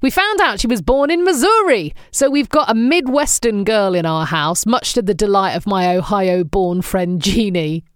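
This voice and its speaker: A woman's voice: mid-range voice, lively intonation, normal speed, hardly any pauses, no echo, studio quality. A woman with an English accent, hosting a podcast in chatty, wry, humorous scripted storytelling. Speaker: podcast host.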